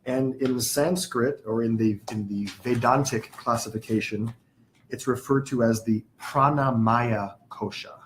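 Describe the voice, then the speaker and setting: A man lecturing a small class on spiritual teachings, with a middle-pitched voice. He explains each term patiently, spells words out and stops to put questions to his students. There is a faint hiss underneath. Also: fairly even intonation, a little slow.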